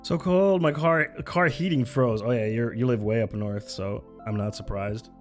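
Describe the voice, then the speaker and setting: A man's voice: medium pitch, moderate pace, faint music behind. A young man livestreaming, chatting casually in a rambling, joking way that often breaks off mid-sentence. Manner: rambling, self-interrupting, joking. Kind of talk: casual chat.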